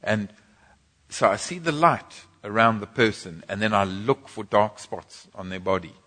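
Low-voiced man preacher, storytelling sermon with jokes, husky tone, reverberant church hall. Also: measured pace, sharp tone. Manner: storytelling, jokey asides. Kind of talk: sermon teaching.

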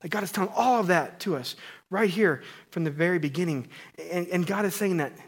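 A man, a pastor in his thirties, preaching a sermon in a casual, playful way that swings between loud emphasis and hushed tones. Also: high voice, fairly quick, slightly rough.

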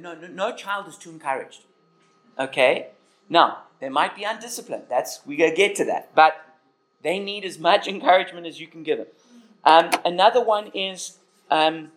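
A man, preaching in a relaxed, conversational way and often checking in with his listeners. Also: high voice. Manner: earnest, encouraging, checks in with the audience. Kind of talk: conversational sermon. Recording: very echoey church hall.

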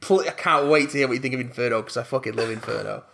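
A young man co-hosting a casual comedy podcast, reading listener emails aloud in an excitable, sweary, giggly way. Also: mid-range voice, racing, vocal fry, a crowd in the background.

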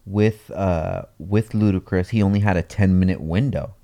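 A man's voice: low-pitched, normal speed, mellow. A man co-hosting a podcast in casual chat, laid-back and joking, turning earnest when he talks about something he admires. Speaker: podcast co-host.

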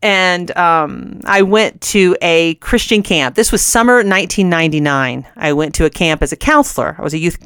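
A woman's voice: on the low side, expressive, moderate pace, few pauses, a bit bright, clean tone, dry recording, studio quality. A middle-aged woman hosting a Christian radio show, telling a personal story earnestly and often laughing mid-sentence.

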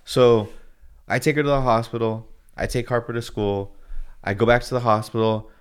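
A man in his thirties in casual podcast chat, telling a story with animated, rising indignation. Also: mid-range voice, normal speed, clean tone.

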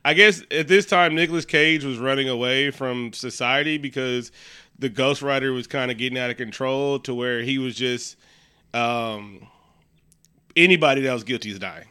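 Bright, clear-voiced man riffing on a movie. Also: mid-range voice, moderate pace. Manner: animated retelling, frequent quoted voices and laughter. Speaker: podcast co-host. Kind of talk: casual movie review chat.

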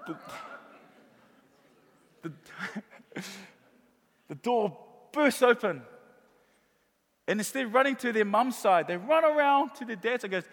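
Middle-aged man, preacher, high voice, emphatic repeating delivery, sermon, long echoing reverb of a large hall. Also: lively intonation, slow, long pauses. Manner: warm storytelling with emphatic repetition.

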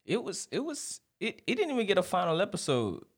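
Wildly animated man arguing in banter. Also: high voice, a little fast, vocal fry, breathy edge. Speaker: podcast co-host. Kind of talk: casual chat.

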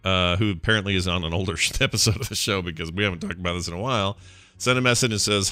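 A man's voice: sits low, racing, pushed and bright, no echo. A man co-hosting a podcast, telling rambling, jokey stories full of fillers. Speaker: podcast co-host. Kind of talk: casual chat.

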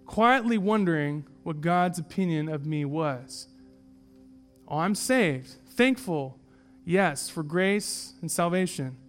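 A man voicing an ashamed man who stands empty-handed in heaven, pleading to have a warning carried to his family. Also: sits high. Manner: pleading, repetitive.

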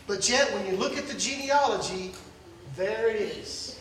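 A man with a very high, bright voice preaches a sermon, swelling to near-shouts and falling to hushed asides. He is heard from some distance in a strongly echoing church hall, with faint room noise behind him. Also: expressive, normal speed. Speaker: pastor.

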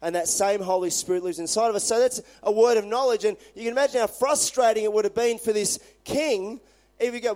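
A male pastor preaching, reading scripture and retelling it in an animated, conversational way. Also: high-pitched, fairly quick.

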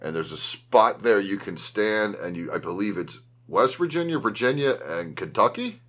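A man's voice: on the low side, lively intonation, normal speed, fairly bright tone. Rambling man hosting a podcast. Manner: rambling, laughing, restarts often. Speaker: podcast host. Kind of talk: casual chat.

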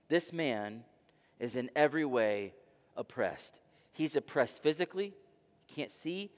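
High-voiced man preaching in a hall. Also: animated, a little slow, pauses often. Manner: dramatic preaching, with rhetorical questions and swings between soft and loud. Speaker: pastor. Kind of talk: sermon. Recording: long reverb of a large hall.

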